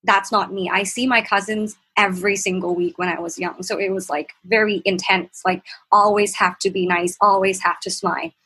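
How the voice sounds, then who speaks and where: Breathy young woman with a Thai accent. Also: medium pitch, steady tone, normal speed, few pauses, bright, forceful tone, low-quality recording. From Thailand. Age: young adult. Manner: earnest, reflective, searching for words. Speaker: podcast guest. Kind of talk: personal storytelling in a conversation.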